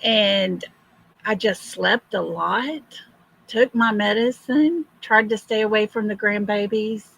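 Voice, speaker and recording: Older woman, hoarse livestream host: slow, gravelly, husky. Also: mid-range voice, a bit bright, low-quality recording. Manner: slow, friendly greetings to viewers. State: hoarse from illness. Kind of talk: casual livestream chat.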